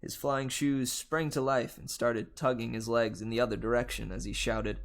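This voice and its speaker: A man reading a novel aloud on a livestream, telling the first-person story in a steady, unhurried way. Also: medium pitch. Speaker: livestream reader.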